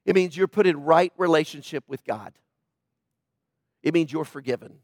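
A male pastor preaching a sermon, emphatic and questioning the congregation, swinging from loud emphasis to low quiet tones. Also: normal speed, no room sound, studio quality.

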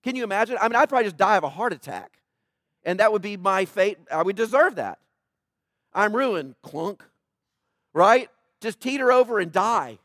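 Male pastor preaching, high voice, dry close sound, swings from loud declarations to hushed asides. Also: animated, a little fast, no room sound. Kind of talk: sermon.

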